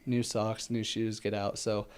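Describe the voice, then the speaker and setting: Speaking in a low-ish, clear, resonant voice with little pitch movement and a measured pace, an ultramarathon runner guests on a casual interview. His answers ramble with fillers, broken up by easy laughter and slight breathlessness.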